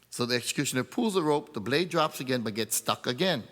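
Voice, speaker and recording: A man's voice: medium pitch, expressive, fast talker, fairly bright tone, long reverb tail. A man doing stand-up, telling jokes in a pidgin-flavored storytelling voice. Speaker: comedian. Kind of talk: stand-up joke telling with sung refrains.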